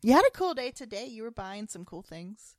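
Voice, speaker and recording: A young adult woman co-hosting a podcast in casual chat, animated and giggly, filling her talk with "like". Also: on the high side, fairly quick, no echo, studio quality. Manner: animated, giggly, lots of "like" fillers. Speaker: podcast co-host.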